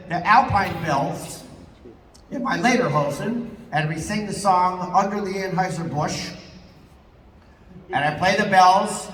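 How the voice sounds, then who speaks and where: A man as a voice actor guest at a convention panel, telling comic stories in an animated, jokey way and swearing casually. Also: high voice, slight background noise. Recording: echoey hall, voice from far off.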